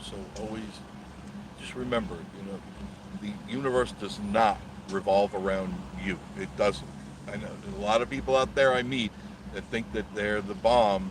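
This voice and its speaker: Low-voiced man rambling live from his car. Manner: rambling, joking, reads out and answers viewer comments. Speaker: live-stream host. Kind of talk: casual live stream chatting with viewers. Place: inside his car on busy streets. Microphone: phone on a gimbal. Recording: clear traffic noise behind the voice.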